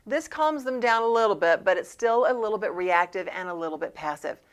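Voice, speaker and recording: A woman's voice: medium pitch, animated, brisk. A woman hosting a sales training show, delivering a scripted lesson with emphatic, punchy coaching.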